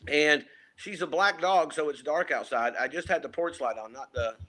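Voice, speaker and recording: Male co-host, fairly high bright voice, animated casual storyteller who acts out quotes. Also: moderate pace. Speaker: podcast co-host. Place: home, remote call.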